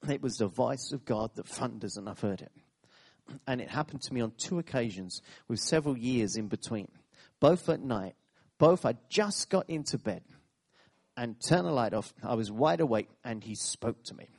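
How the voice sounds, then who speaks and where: With a mid-range, creaky and husky voice at a moderate pace, a man delivers a sermon. His storytelling is lively, broken up by laughing asides, repeated phrases and abrupt surges of emphasis.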